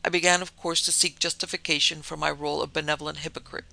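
A man narrating a story in a measured, composed manner. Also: fairly high pitch, flat delivery, creaky, sharp tone, low-quality recording.

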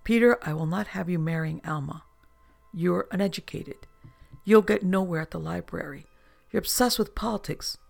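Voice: medium pitch, normal speed, gravelly. A reader voicing a domineering, snobbish middle-aged mother who scolds with contempt. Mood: scornful.

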